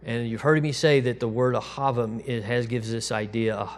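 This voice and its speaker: A man preaching a sermon to his congregation in a relaxed, conversational way, dropping to a soft, quiet voice when he quotes God. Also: medium pitch, moderate pace. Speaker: pastor.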